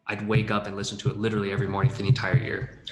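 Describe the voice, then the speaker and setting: A man's voice: on the low side, monotone, very fast, echoey room, crowd noise. A man co-hosting a podcast, chatting energetically and laughing easily. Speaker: podcast co-host, startup co-founder. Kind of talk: casual chat.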